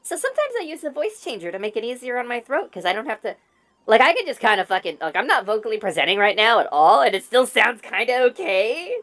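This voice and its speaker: A woman's voice: fairly high pitch, very animated, quick pace, fairly bright tone, dry recording, faint music behind. Earnest woman streamer through a voice changer. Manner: earnest and candid, hesitant with frequent restarts. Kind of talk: casual livestream chat, reading chat aloud.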